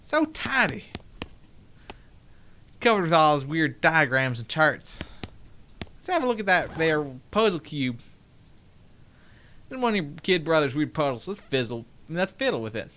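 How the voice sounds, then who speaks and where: A let's play host reads game text aloud in a bright, ringing voice, breaking off into joking asides and chatter with viewers. Their pitch swoops high and low all the time, with a faint hiss of noise underneath. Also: big pitch swings, normal speed, long pauses. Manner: chatty, swears and laughs, talks to viewers. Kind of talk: casual gameplay commentary.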